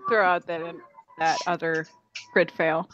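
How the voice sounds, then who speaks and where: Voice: mid-range voice, fairly even intonation, slow pace, a bit bright, faint music behind. A young adult playing a tabletop game, talking hesitantly with many ums and laughs. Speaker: player. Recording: dull, dry lo-fi recording.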